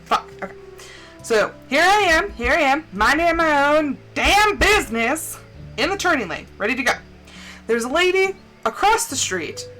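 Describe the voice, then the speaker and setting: A woman's voice: sits high, sharp tone, poor audio. A woman streamer casually telling a story while gaming, swearing often and ranting with indignation.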